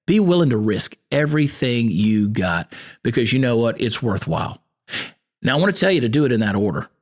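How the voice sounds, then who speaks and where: A man's voice: medium pitch, big pitch swings, fairly quick. A man hosting a podcast, giving a folksy, preacherly motivational talk that quotes scripture. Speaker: podcast host.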